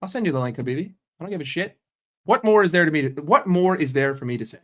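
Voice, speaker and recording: A man's voice: on the high side, expressive, quick pace. An American man in a sarcastic, combative rant on a fan stream, swearing often. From United States. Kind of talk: ranting live stream.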